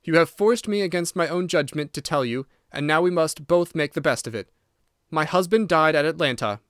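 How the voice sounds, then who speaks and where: A woman's voice: low-pitched, moderate pace, dry recording, clean studio sound, natural voice. A man reading the part of a proud, desperate young wife and mother in an audiobook, earnest and pleading.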